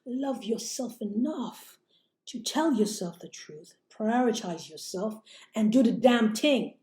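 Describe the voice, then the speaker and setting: A woman coach streaming live from a home setup, high-pitched yet mellow, preaching self-worth with fire and calling her viewers "honey." Her slightly strained voice rings out in a roomy, echoey space. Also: lively intonation, slow. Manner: fiery, preachy, calls listeners "my loves" and "honey"; chants and sings short refrains. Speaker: life coach. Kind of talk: motivational livestream talk. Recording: roomy echo.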